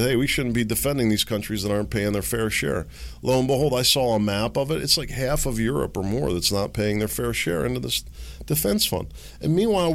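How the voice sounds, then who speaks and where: A man's voice: sits low, creaky, a bit bright, dry recording. A male talk show host delivering a sarcastic, ranting political commentary monologue.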